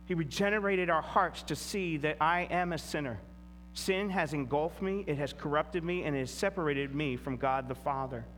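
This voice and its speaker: A man's voice: a little high, moderate pace, a bit bright, big-room sound, slight background noise. A man preaching a sermon, reading scripture aloud and then explaining it with rising emphasis. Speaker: pastor.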